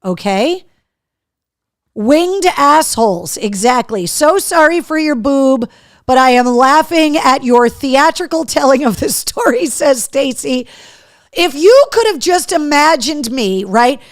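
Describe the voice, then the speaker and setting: A woman hosting a live show, chatting and reading viewer comments aloud, telling stories in an animated, profane way. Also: high voice, takes it slowly, no echo, clean studio sound. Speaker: host.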